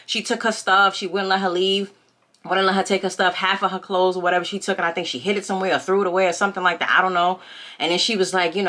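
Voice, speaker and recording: A woman vlogger talks to her viewers from home in a loose storytime chat. Her voice is bright and pointed. She retells the story with lively gossip and keeps asking her audience rhetorical questions. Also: lowish voice, fast talker. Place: home, by a window.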